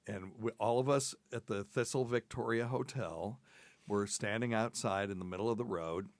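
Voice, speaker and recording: A man's voice: lowish voice, moderate pace, no echo. A man hosting a podcast as a doctor, telling a rambling, self-deprecating story in casual chat and laughing at himself.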